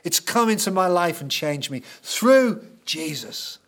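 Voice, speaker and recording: A man's voice: sits high, expressive, unhurried, a bit bright. A man doing an eager healed convert.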